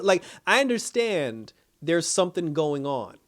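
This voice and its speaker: A man giving a casual, animated recap of a TV episode, acting out the characters' lines and laughing as he goes. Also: sits high, normal speed, few pauses. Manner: animated storytelling, acts out characters' lines, laughs while talking. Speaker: TV episode reviewer.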